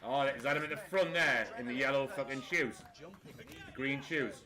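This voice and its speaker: Chatty streamer, crowd noise behind. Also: male voice, mid-range voice, moderate pace. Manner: rambling, sweary, chatty. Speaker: streamer hosting a watchalong. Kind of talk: casual chat.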